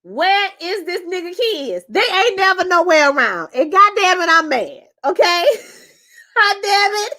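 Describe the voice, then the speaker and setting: This woman hosts a live review chat. Her voice sits high and bright. She talks in animated, cussing bursts and acts out what the characters said in put-on voices. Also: measured pace. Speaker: show reviewer.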